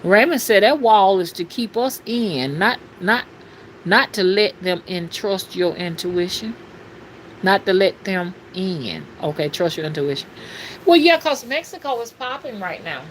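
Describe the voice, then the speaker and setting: A woman's voice: mid-range voice, lively intonation, unhurried, slight background noise, rough recording. A middle-aged woman, talking casually and preachily to her livestream viewers, calling them y'all. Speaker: spiritual reader and livestream host.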